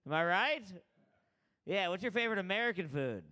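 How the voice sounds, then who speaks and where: A man's voice: sits high, lively intonation, brisk, pushed and bright. A man hosting a comedy open mic, joking loosely and chatting with the crowd between acts.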